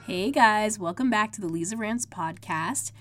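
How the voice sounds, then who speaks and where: A woman's voice: mid-range voice, moderate pace, fairly bright tone, faint music behind. Congested young woman chatting on her podcast. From United States. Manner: chatty, full of "like" fillers. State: congested, sick. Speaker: podcast host. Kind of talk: casual solo podcast chat. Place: home room with makeshift sound panels.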